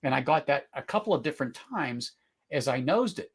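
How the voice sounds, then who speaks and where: A middle-aged man hosting a live whisky tasting, talking casually, searching for words, then bursting into excited exclamations. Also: fairly high pitch, a little fast, breathy edge. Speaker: whisky tasting livestream host.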